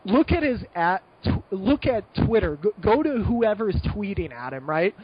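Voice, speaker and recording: A young man from the States with a rather high voice talks loosely through a story, piling up fillers and restarts as he goes. The sound is a little muffled and dull. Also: normal speed, breathy edge. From United States. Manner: rambling, animated, lots of fillers and restarts. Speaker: guest. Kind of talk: casual podcast chat.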